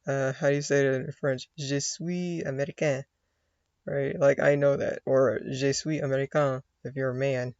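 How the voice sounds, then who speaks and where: A man's voice: mid-range voice, flat delivery, moderate pace, few pauses, darkish tone, clear, resonant tone, no echo, dull audio. A man from the United States, rambling casually in a monologue and acting out his own inner thoughts. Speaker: vlogger.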